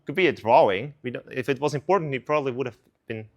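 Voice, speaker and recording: Young man, student-service preacher, casual sermon, animated, chatty storytelling. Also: mid-range voice, fast, lo-fi sound. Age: young adult. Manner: animated, conversational, lots of "like".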